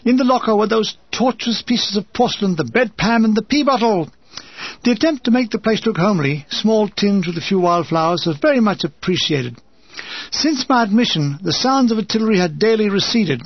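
A man's voice: sits high, expressive, brisk, husky, dry recording. Older man reading a wry memoir. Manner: wry, dry humour. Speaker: memoir reader. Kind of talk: reading a wartime memoir aloud. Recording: dull lo-fi recording.

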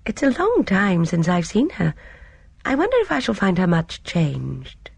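A reader voicing a gentle, thoughtful elderly woman who speaks in a mild, courteous, measured way. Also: mid-range voice, huge pitch swings, creaky, slightly rough, no room sound, voice pushed up, full character voice. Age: older.

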